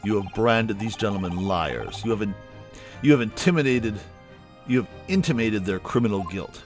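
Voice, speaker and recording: A man voicing a haughty, cold British prosecutor in a video game, speaking slowly and with disdain. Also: lowish voice, lively intonation, soft background music. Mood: disdainful. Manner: slow, measured, disdainful.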